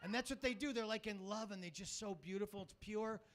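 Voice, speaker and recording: Middle-aged male comic hosting a club night, high voice, crude and self-mocking, on a stage mic. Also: fairly quick, a bit bright. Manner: crude, rambling, self-mocking, swears a lot. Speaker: stand-up comic and show host. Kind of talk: stand-up comedy set.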